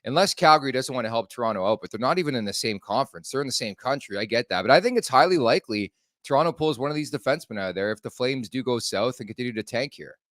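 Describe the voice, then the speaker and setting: A man hosting a hockey podcast, talking in a brisk, conversational way. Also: mid-range voice, expressive, fairly bright tone, dry recording, studio quality. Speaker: podcast host. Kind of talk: casual hockey talk and ad read.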